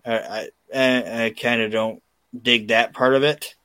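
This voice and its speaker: In a clip without any room sound, a male podcast host with a middle-range voice takes his time. He gets worked up telling stories, peppering them with swearing and doing the voices of people he quotes.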